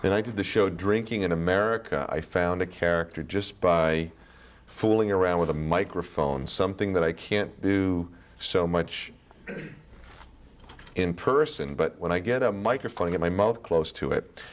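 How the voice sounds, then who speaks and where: A man being interviewed as a guest actor, telling stories in a casual, animated way and slipping into other voices. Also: low voice, moderate pace. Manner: animated storytelling, slips into voices.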